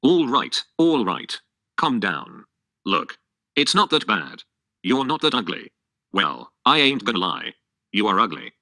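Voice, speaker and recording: A male text-to-speech voice reading the lines of a talkative, blunt male donkey in a flat, synthetic way. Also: mid-range voice, a little slow, dry recording, studio quality. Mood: chatty.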